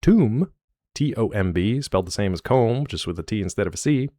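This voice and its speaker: A man's voice: on the low side, lively intonation, quick pace, a little mellow, no room sound, clean studio sound. A man streaming live, chatting loosely with his viewers in a jokey, rambling way.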